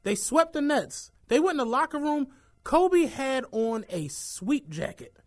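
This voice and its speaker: A young man, co-hosting a podcast in casual chat, telling stories in an animated way and acting out what people said. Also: extremely high pitch, measured pace. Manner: animated storytelling, acts out quotes, swears freely. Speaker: podcast co-host.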